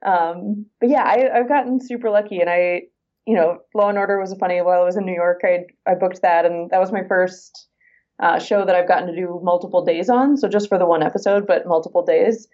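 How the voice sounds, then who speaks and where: A woman talking as an actress guest in a casual interview, chatty and quick with asides, laughing often. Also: on the low side, dark tone, dull audio.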